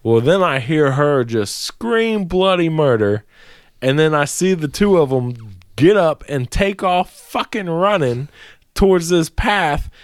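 A man's voice: on the high side, expressive, measured pace, no room sound. A man co-hosting a podcast, telling a long profane story in casual chat from a small dry room. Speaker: podcast co-host.

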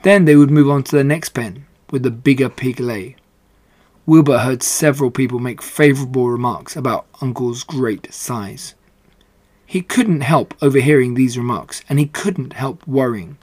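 A man reading a children's book aloud in a steady, unhurried way. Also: medium pitch, dry recording. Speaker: reader.

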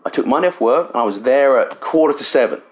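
In a relaxed interview inside a riverside cabin, a middle-aged fly casting instructor from England tells a lively, self-mocking story. His voice is medium in pitch and he speaks quickly.

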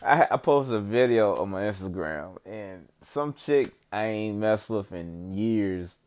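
Young guy, lowish voice, easygoing and profane, casual vlog monologue full of slang. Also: expressive, takes it slowly, darkish tone. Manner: laid-back, rambling, heavy swearing and slang, frequent "you know what I'm saying". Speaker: vlogger giving life updates.

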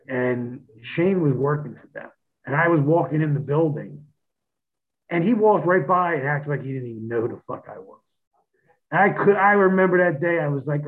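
A man calls in over a thin, tinny phone line. He speaks a bit high for a man and tells rough stories with heavy cursing. He acts out his old arguments in quotes. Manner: profane, animated storytelling, acts out his own past lines. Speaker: guest, former pro wrestler. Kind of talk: casual podcast chat.

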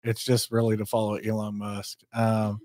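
A man's voice: fairly low pitch, completely flat delivery, normal speed, a little mellow, no room sound. A man who is a guest on a podcast, telling stories in a wry, self-deprecating way. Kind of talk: casual chat.

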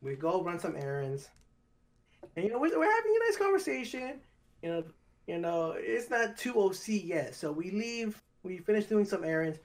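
Young man, podcast co-host, casual storytelling, lively swooping pitch, acts out quotes. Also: normal speed.

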